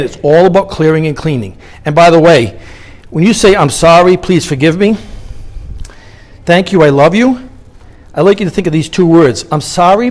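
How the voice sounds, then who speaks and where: A middle-aged man giving a live motivational talk with a guided meditation, questioning the audience as he goes. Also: fairly high pitch. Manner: animated, engages audience with questions. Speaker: motivational speaker. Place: conference hall.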